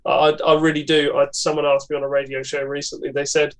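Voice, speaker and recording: A young man talks as a podcast guest, eager and chatty, often laughing. His voice is a little higher than most men's. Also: flat delivery, fast talker, a bit bright. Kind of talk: casual conversation.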